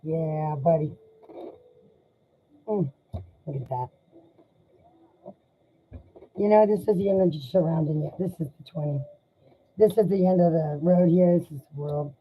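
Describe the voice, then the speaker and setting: A woman doing a live tarot reading, speaking in an emotional, sympathetic and halting way. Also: low voice, warm tone, a little hiss or hum. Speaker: tarot reader. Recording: dull lo-fi sound.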